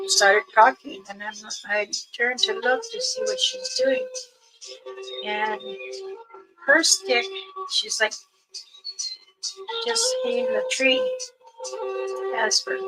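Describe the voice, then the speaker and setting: A woman with a fairly high voice tells a rambling story at an unhurried, drawn-out pace. She is an elder healer on a livestream, and her voice keeps leaping up in pitch mid-sentence. Clear music plays behind her. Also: poor audio. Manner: rambling, with sudden jumps up in pitch. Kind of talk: casual spoken storytelling on a livestream.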